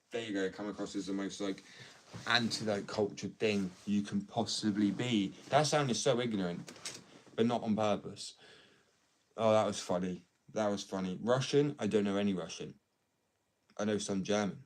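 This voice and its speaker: A man chatting casually on a live stream from his workshop, rambling, excitable and quick to laugh at himself. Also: on the low side. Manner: rambling, excitable, self-mocking. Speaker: skateboard maker live-streaming to chat. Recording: distant mic, faint noise.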